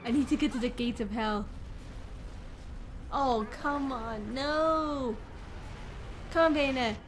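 A woman's voice: high voice, takes it slowly, a little hiss or hum. A woman streaming a video game, exclaiming and swearing at it as she plays. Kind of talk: live gameplay commentary.

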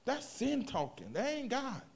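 A man preaching a sermon, moving from hushed reflection to loud, animated emphasis, with casual asides to the congregation. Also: very high voice, measured pace, vocal fry, breathy edge. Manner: expressive preaching, swings from quiet to loud, vernacular asides. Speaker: pastor.

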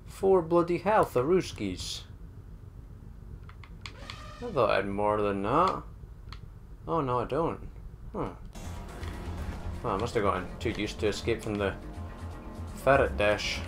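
Gamer dude cursing his way through a shooter, bright edgy voice, pitch jumping all over. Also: takes it slowly, pauses often, soft background music. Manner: excitable, swears a lot, talks to enemies. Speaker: gamer doing a let's play. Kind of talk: live gameplay commentary.

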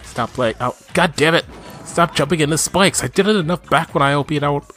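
A man doing let's play commentary, swinging between chatty self-talk and loud, swearing outbursts at the game. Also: a little high, brisk, soft background music. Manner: excitable, yelling and swearing at the game.

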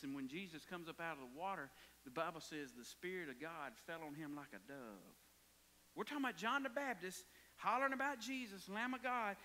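Man, pastor, sermon, high voice, bright tone, whispers and hollers. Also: in a large hall, slight background noise. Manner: dramatic preaching, swinging from hushed whispers to hollering.

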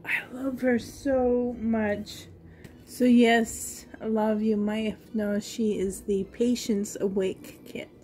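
Slow, gushing woman vlogger. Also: a little high, level tone, a little mellow, slight background noise. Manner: gushing, breathy with delight, slow. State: coughing. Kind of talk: casual unboxing vlog.

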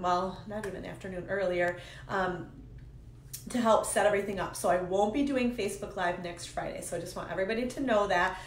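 A woman with a croaky, hoarse voice from a cold, hosting a casual livestream and chatting cheerfully with viewers as they join. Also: mid-range voice. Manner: rambling, upbeat, greets viewers by name. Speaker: host of a live card-making stream. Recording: roomy echo with faint ambient noise.

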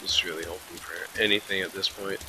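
A man's voice: low-pitched, steady tone, fairly quick, background noise. A tired man hosting a late-night game video, muttering and cursing under his breath. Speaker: let's play host. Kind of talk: casual gameplay commentary.

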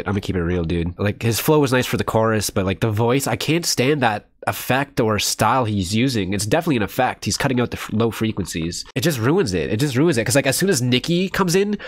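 A young man talks through his first listen of new songs in a blunt, candid way, calling everyone "dude" and cursing without a filter. His voice sits at an ordinary middle pitch. The sound is dry and close, with no room echo. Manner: blunt and candid, says "dude" and "bro" often, swears freely. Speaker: music reaction streamer. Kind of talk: casual first-listen reaction commentary.

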